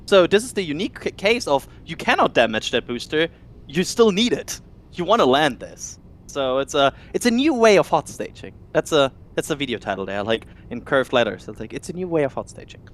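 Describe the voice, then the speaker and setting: A man on a casual livestream explaining hot staging, animated and laughing at himself. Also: a little high, moderate pace. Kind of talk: casual technical chat.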